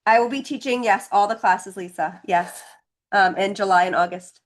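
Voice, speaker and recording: A woman teaches a live painting class online, her voice sitting at an ordinary middle pitch. She chats easily as she mixes colors and demonstrates, reassuring students as she goes. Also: normal speed. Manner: chatty, encouraging, talks while demonstrating. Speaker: painting instructor.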